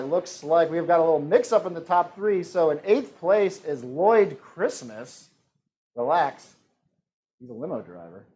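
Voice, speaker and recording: A man hosting an online trivia game, reading questions and options in a joking, playful way. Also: fairly high pitch. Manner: joking, reads multiple-choice options with playful voices. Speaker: trivia host. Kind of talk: live-streamed trivia hosting.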